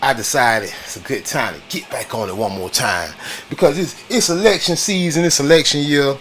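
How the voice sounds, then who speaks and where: A man's voice: medium pitch, moderate pace, fairly bright tone, a little hiss or hum. A man from the United States hosting a casual political talk stream. He uses loose slang, repeats his points and keeps stopping to greet viewers in the chat. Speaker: livestream host.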